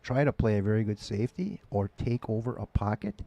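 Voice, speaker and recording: A man's voice: lowish voice, a little fast, gravelly, warm tone. A man giving casual live color commentary on a pool match, explaining the shots he would play. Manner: analytical, explains shot choices.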